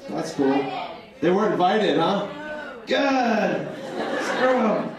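A man's voice: high voice, lively intonation, takes it slowly. A man doing a stand-up set on a comedy club stage, rambling and hesitant as he banters with the crowd. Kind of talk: stand-up routine. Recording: echoey distant room mic with noise. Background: audience laughter.

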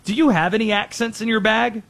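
A man with a high, light voice hosts a sports talk show. He delivers brisk, opinionated commentary, rattling through players and teams in a quick list. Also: fairly even intonation, vocal fry, a bit bright.

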